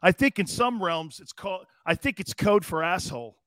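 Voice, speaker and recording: A middle-aged man hosting a sports talk radio show, loud and joking, laughing often as he rambles. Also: high-pitched, animated, normal speed, no room sound, clean studio sound.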